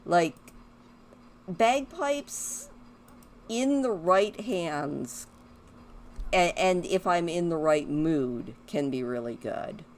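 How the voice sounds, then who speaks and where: A woman's voice: fairly low pitch, animated, drawn-out words, long pauses. A woman giving casual commentary while she plays a life-sim game, chatting to her characters and rambling about music. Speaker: gaming video host.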